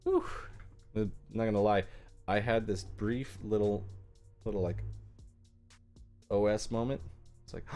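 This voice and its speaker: A man's voice: lowish voice, fairly even intonation, measured pace, pauses often, a little mellow, soft background music. Joking, self-mocking male livestream host. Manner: self-deprecating and joking, talks to chat while working. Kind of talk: casual live build commentary.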